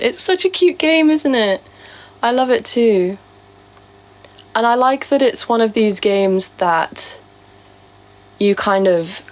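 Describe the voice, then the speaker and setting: A woman live streaming in casual, rambling chat, answering viewer comments, with a sore throat. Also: medium pitch. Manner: chatty and rambling, with many fillers.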